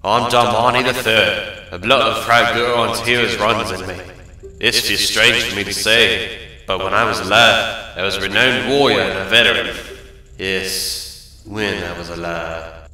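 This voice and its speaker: Man doing a proud ghost warrior, solemn and pleading, sharp tense tone, echoey room. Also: lowish voice, fairly even intonation, normal speed. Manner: solemn, pleading game-text read.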